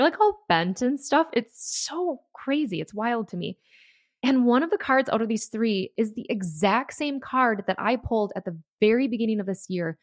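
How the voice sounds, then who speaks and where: A woman hosting her own podcast, chatting excitedly and reading tarot passages aloud. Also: medium pitch, dry recording, clean studio sound. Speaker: podcast host. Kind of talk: casual solo podcast talk.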